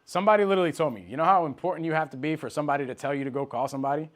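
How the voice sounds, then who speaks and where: A man's voice: a little high, racing. A man leading a live sales training, speaking directly and emphatically to his trainees and calling them by name.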